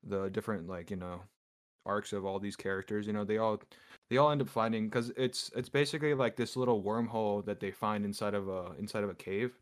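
A man's voice: fairly low pitch, fairly even intonation, fairly quick. A man co-hosting a podcast, talking casually and rambling with lots of fillers. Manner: rambling, heavy use of fillers like "you know". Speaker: podcast co-host. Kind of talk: casual chat.

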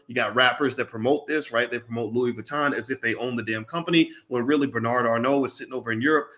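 A commentator with a mid-range, fairly bright voice speaks straight to his audience in slangy, casual language. His monologue is passionate and preachy, with heavy emphasis and frequent repetition.

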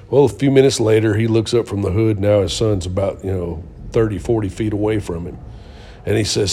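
A middle-aged man with a low, dark, slightly husky voice tells his story in an earnest, preacher-like way. He talks casually on a faith-based show and leans on fillers as he goes. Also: fairly even intonation, a little fast. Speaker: co-host of a Christian talk show.

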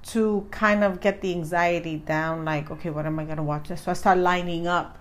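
A woman's voice: lowish voice, moderate pace. A young woman co-hosting a podcast, talking in a chatty, rambling way and acting out her own reactions. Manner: chatty, rambling, animated retelling. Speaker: podcast co-host. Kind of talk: casual chat.

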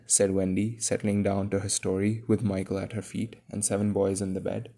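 A man reading a classic children's novel aloud, calm and measured with wry asides. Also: lowish voice, vocal fry. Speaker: audiobook reader. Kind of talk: scripted narration.

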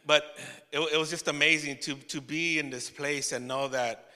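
Guy preaching a story to his church, keeps restarting and laughing, bright tone, big echoey hall. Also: fairly high pitch, steady tone. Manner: storytelling, quoting himself, halting restarts, laughing asides. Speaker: pastor. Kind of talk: sermon testimony.

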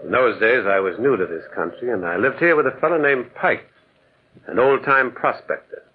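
A man's voice: mid-range voice, moderate pace, background noise, natural voice. A man in an old radio drama playing a lonely, brooding man who narrates his memories in a wistful, mournful way. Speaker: narrator and lead character. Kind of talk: 1940s radio acting. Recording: tinny old radio broadcast.

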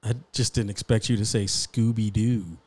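A man's voice: fairly low pitch, fairly even intonation, moderate pace, a little mellow. A man co-hosting a casual podcast chat, laid-back and teasing, often stumbling over and repeating words. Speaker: podcast co-host.

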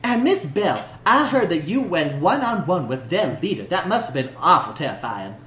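A woman's voice: lowish voice, very animated, moderate pace, fairly bright tone, echoey room. A woman voicing a gracious, genteel Southern woman gym leader with a folksy drawl. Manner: folksy drawl, uses y'all and mighty.

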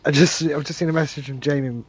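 A man co-hosting a podcast in relaxed, casual chat. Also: on the high side, quick pace. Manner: relaxed, chatty, often says brilliant. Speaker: podcast co-host.

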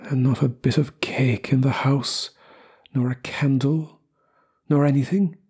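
A man voicing a worried, bitter mother who mutters distractedly, in a higher voice than his narration. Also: steady tone, unhurried, a little mellow, breathy edge. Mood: distraught.

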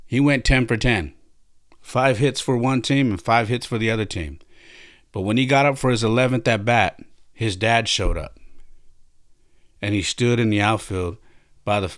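A man's voice: fairly low pitch, no room sound, studio quality. A man hosting a podcast, retelling a story in an emphatic, conversational way with frequent restarts. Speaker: podcast host. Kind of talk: casual storytelling.

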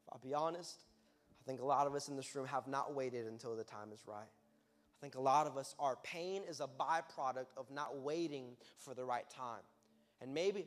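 A man preaching as a youth pastor in a sermon, talking in a loose, conversational way that breaks into loud, emphatic bursts. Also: fairly high pitch. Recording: long hall reverb.

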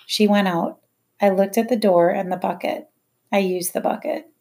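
A woman narrating a novel in the first person, in a quiet, measured, reflective way. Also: mid-range voice, creaky. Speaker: audiobook narrator.

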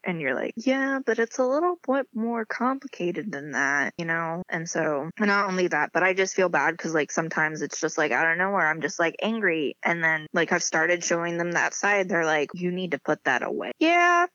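A woman's voice: on the low side, lively intonation, a little fast, few pauses, sharp tone, no room sound. Chatty young woman acting out dialogue. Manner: chatty, acts out quoted dialogue with filler "like". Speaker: interview guest. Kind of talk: casual chat. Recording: slightly dull lo-fi sound.

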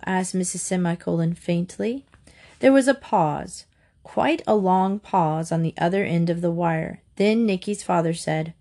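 Woman narrator reading a kids' book aloud; lively and expressive. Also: fairly low pitch, measured pace. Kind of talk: children's storybook reading aloud.

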